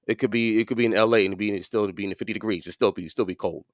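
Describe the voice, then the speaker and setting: A man with a lowish voice and fairly even intonation fires off his words rapidly. He's co-hosting a podcast of casual sports chat, rambling with many fillers and restarts, recorded at studio quality without echo.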